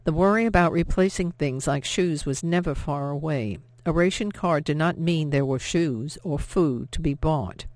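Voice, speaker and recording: An audiobook narrator giving a measured, expressive reading of a novel. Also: mid-range voice, no room sound.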